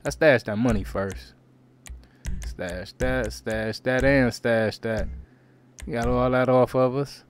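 A man's voice: fairly even intonation, takes it slowly, a little hiss or hum. Slangy, cursing man streaming a roleplay. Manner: slangy, swears a lot, keeps calling out to viewers; swings from low grumbling to loud outbursts. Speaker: streamer playing a roleplay character. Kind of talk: in-character roleplay commentary to viewers.

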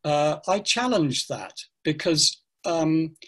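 An older man, a teacher trainer, speaking in an online interview with animated, hesitant explanations full of fillers. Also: on the high side, takes it slowly.

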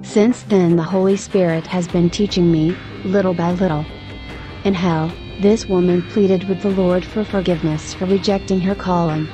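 A woman narrates a religious testimony with earnest exhortation, her tone mellow and warm. Soft music plays faintly behind her. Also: lowish voice, steady tone, moderate pace.

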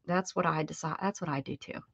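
A woman's voice: low-pitched, brisk, vocal fry, breathy edge, dry recording. A woman hosting an art livestream, chatting playfully with viewers, laughing often and singing a short welcome jingle. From United States. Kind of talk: casual chat greeting viewers.

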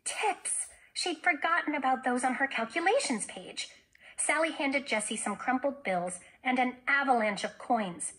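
Expressive woman teacher reading aloud. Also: high-pitched, moderate pace, rough recording. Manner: expressive storytelling. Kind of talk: reading a children's novel aloud.

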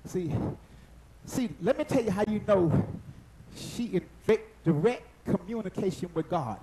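A man delivers a sermon in a very high voice that climbs and dips all over. He trades calls and answers with the congregation and rises to shouting at the peaks. A faint hiss runs underneath. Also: normal speed, poor audio. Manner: animated, call-and-response with the congregation; breaks into shouting at high points. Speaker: preacher. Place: church service.

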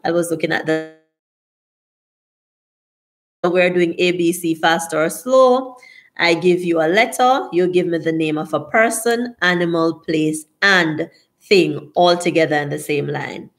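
A woman's voice: fairly low pitch, moderate pace. A woman with a Jamaican accent hosting a casual live stream, reading viewers' comments aloud in a chatty way and laughing often. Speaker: livestream host.

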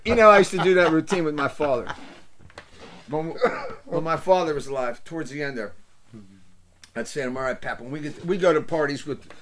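An older man, host of a show, telling rambling, comic stories in casual chat, swearing freely and swinging from loud to soft. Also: on the high side, fairly quick, pauses often, noisy background. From Pittsburgh area, USA. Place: small indoor room.

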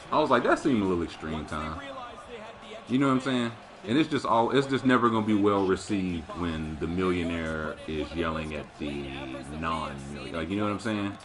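A man streaming a hockey video game, chatting casually and animatedly and swearing freely. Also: on the low side. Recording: video game arena crowd noise behind. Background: hockey game crowd and commentary.

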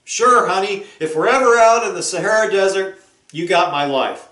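A man's voice: high-pitched, normal speed, bright, forceful tone, voice pushed up. A man doing an evasive, joking young husband. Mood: offhand. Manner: offhand, joking, dodging. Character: lazy young sitcom husband, evasive joker. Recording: roomy echo.

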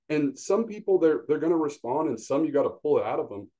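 A man's voice: on the high side, animated, quick pace, hardly any pauses, warm tone. A man, a sales manager talking bluntly and animatedly as a podcast guest, acting out quotes as he tells stories. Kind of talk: casual podcast conversation.

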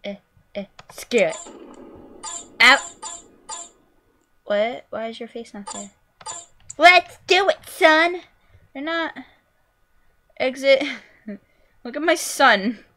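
A young woman commentating her own gameplay, goofy and excitable, yelping and squealing at what happens on screen. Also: high-pitched, slow pace, long pauses. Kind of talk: let's play commentary.

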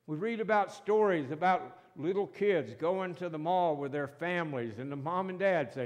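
A male pastor preaching a sermon in a church, slow and emphatic, swinging between loud and soft. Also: on the high side. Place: church sanctuary. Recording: long reverb of a church hall.

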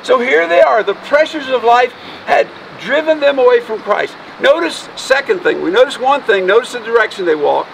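A man's voice: extremely high pitch, lively intonation, moderate pace, vocal fry, hardly any pauses. A man preaching an Easter sermon outdoors as pastor, folksy and emotional, joking with his congregation. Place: outdoors by a road. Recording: distant mic, faint noise.

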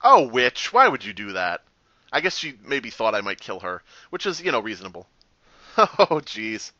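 Lively, bright-voiced man commenting on gameplay. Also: on the low side, normal speed, no room sound. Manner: sarcastic, swearing, animated reactions. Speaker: gaming channel host. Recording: dry, slightly muffled home recording.

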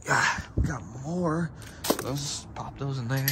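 A man vlogging as he sorts through a dumpster, talking casually to the camera in an excited voice that often drops to a half-whisper. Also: medium pitch, slow. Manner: animated, exclaiming often, breaks into laughs. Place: outdoors at a store dumpster. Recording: loud background noise and clattering.

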